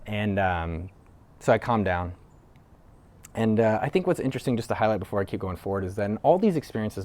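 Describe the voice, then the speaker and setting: An entrepreneur who hosts videos tells a raw personal story straight to camera, candid and rambling. His voice is slightly low and darkish, and he keeps it loose and conversational, dropping lots of "like" fillers and swearing casually.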